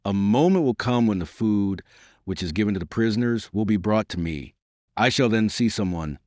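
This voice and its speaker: A man's voice: fairly low pitch, normal speed, no room sound, studio quality, natural voice. A man voicing a proud imprisoned king. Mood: dignified. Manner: calm, commanding, formal.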